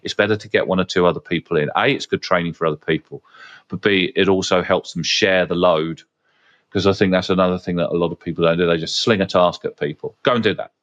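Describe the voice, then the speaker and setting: Deep guy, podcast host, chatty and blunt, lots of "you know". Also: steady tone, fast, a bit bright. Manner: frank, swears casually, frequent fillers. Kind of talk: casual conversational anecdotes.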